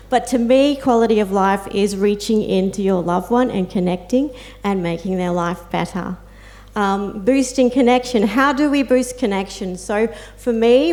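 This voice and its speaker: A woman with an Australian accent, her voice mid-range and darkish in tone, speaks on a panel as a peer support volunteer and carer. She gives a personal talk to an audience, telling heartfelt stories full of fillers and quoted asides.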